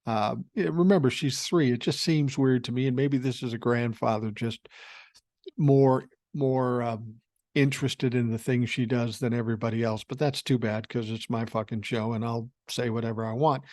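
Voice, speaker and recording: A man's voice: medium pitch, darkish tone, no echo. A man in his sixties hosting a podcast, reading listener mail and telling rambling stories in a blunt, profane way. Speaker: podcast host. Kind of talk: casual podcast talk reading listener email.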